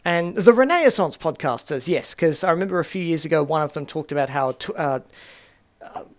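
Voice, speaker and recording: A man's voice: fairly high pitch, lively intonation, brisk. A man hosting a casual solo podcast, talking in a chatty, self-deprecating way full of rambling asides. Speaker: podcast host.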